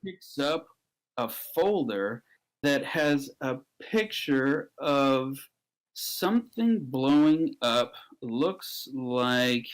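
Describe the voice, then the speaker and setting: A man improvising a comic story, jumping into high, squeaky character voices as he narrates. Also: animated, extremely slow, poor audio.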